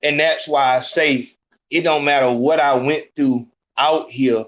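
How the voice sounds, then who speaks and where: A man's voice: mid-range voice, fairly even intonation, a little slow. A man hosting a podcast, giving blunt, profane street commentary in a preachy way. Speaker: podcast host. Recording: dull lo-fi sound.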